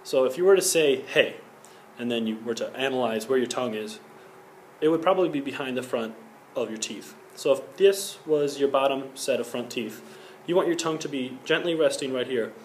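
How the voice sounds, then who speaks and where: A man's voice: mid-range voice, a little fast, a little hiss or hum. A young man giving an earnest singing lesson as a school project, explaining each point and now and then singing a short vowel to show it. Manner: earnest, instructive, demonstrates sung vowels. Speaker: singing teacher.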